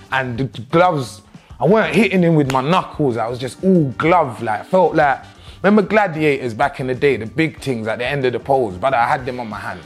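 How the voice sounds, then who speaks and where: A man, telling the story of his own boxing match in a slangy, animated, self-mocking way. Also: mid-range voice. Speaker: boxer reviewing his own fight. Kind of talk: casual storytelling commentary.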